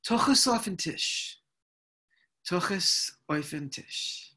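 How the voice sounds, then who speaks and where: A man's voice: high voice, expressive, slow pace, pushed and bright, full character voice. A man voicing an old great-aunt calling tenderly. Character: loving elderly great-aunt calling from heaven.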